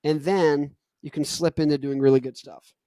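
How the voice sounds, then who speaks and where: A man's voice: fairly high pitch, fairly even intonation, moderate pace, warm tone, no echo. Stuffed-up young man chatting loosely. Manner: rambling, loose, many "like" fillers. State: stuffed-up nose. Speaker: host. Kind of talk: casual chat about singing technique.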